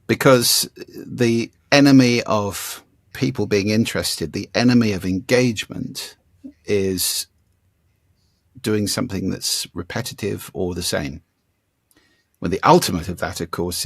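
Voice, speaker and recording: An older man as an interview guest, explaining ideas in a demonstrative way and playing with his pitch and volume to show his points. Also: gravelly, breathy edge, dry recording, studio quality. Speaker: guest, speaking coach. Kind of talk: conversational interview.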